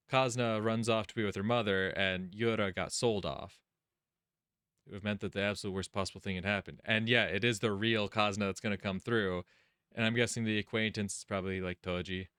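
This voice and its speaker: Low-voiced man reading a visual novel. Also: steady tone, a little fast, bright, forceful tone, clear, resonant tone, no echo, clean studio sound. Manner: casual, musing, thinks aloud. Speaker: let's play host. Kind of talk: reading visual novel text aloud and commenting. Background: game music.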